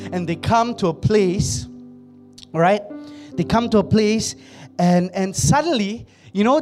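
Male pastor, high voice, chatty sermon, soft music underneath. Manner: conversational, laughs often, acts out quotes. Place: church.

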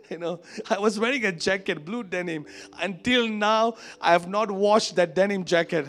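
A man from Asia preaching a sermon to a congregation, telling a personal story in an animated, conversational way. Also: high-pitched, moderate pace. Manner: animated, conversational, acts out quoted voices. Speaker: pastor. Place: church service before a congregation.

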